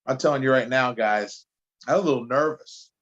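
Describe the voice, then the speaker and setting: With the highs cut off, the audio captures a medium-pitched man talking fairly quickly. He's an animated, chatty New Jersey storyteller, a podcast guest and anti-drug speaker, who stumbles and restarts.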